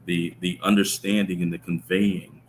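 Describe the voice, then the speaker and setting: A middle-aged man telling a personal story about his son in an interview, speaking in a reflective, halting way with many restarts. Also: low voice, flat delivery, a little hiss or hum, rough recording. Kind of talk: conversational storytelling.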